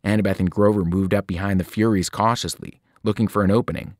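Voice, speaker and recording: A man reading a novel aloud to students, telling the story in a lively way and breaking into sudden voiced cries. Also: on the low side, fast talker, dry recording, studio quality. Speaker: reader.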